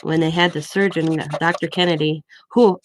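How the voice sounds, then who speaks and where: A woman's voice: sits low, moderate pace, a little hiss or hum. Chatty woman telling a story. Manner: chatty, animated retelling with quoted dialogue. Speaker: craft vlogger. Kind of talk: casual storytelling.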